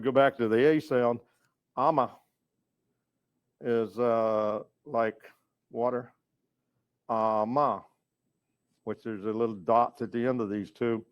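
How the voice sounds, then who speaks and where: A man from North Carolina teaching a language lesson, going slowly and patiently, repeating each word and chuckling now and then. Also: medium pitch, no room sound. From North Carolina, USA. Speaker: educator and storyteller. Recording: dull, lo-fi recording.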